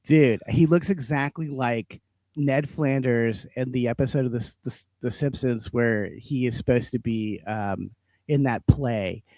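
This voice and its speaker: A man hosting a comedy podcast, ranting and swearing, his voice swinging between loud outbursts and low mutters. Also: measured pace, no room sound. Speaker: podcast host. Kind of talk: profane comedic rant.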